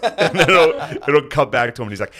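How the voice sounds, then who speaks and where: A man's voice: a little high, lively intonation, a little fast, a bit bright. A man co-hosting a podcast, trading laid-back jokes and laughing often in casual banter. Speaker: podcast co-host. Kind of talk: casual chat.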